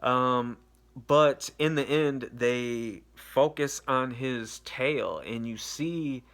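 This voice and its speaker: A young man talks loosely about a film he just watched, peppering it with curses and fillers. His voice sits at an ordinary middle pitch. It sounds like an offhand vlog review. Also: very slow, a bit bright. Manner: rambling, profane, loose and unscripted. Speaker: movie reviewer. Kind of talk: casual spoken movie review.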